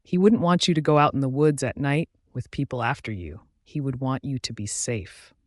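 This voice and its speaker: A man's voice: mid-range voice, normal speed, no room sound, studio quality, natural voice. A man voicing a young woman friend who is caring, firm and reassuring.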